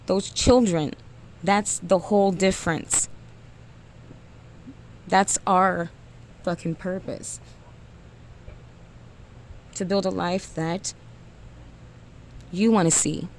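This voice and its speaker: A woman's voice: fairly low pitch, slow pace, long pauses, a little hiss or hum. Blunt, swearing woman ranting to camera. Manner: blunt and emphatic, heavy swearing, trailing off with sighs. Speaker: motivational vlogger speaking to single mothers. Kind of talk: profane motivational rant.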